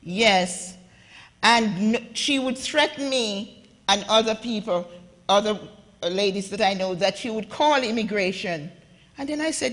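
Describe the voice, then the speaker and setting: A woman's voice: medium pitch, expressive, measured pace, fairly bright tone. A woman from Jamaica with a Jamaican accent, giving an impassioned talk at a conference and speaking straight to the audience. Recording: echoey hall with long reverb.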